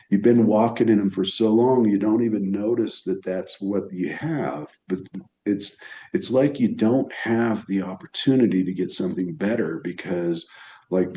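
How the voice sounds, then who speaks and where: Male astrologer, low voice, unhurried, halting, thinks aloud. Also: mellow, rough recording. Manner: halting and reflective, many restarts. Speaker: evolutionary astrologer. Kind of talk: unscripted solo talk on astrology.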